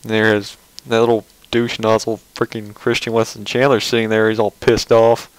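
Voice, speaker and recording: A man's voice: fairly low pitch, completely flat delivery, normal speed, smooth, no room sound, rough recording. A man giving casual, rambling commentary on a webcomic page, mocking and sarcastic, often restarting his sentences.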